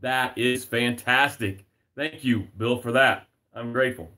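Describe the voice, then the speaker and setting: At home, a man hosts a motivational livestream as a success coach, his mid-range voice bright and forceful at a measured pace. He hammers home repeated phrases and reads out comments from viewers.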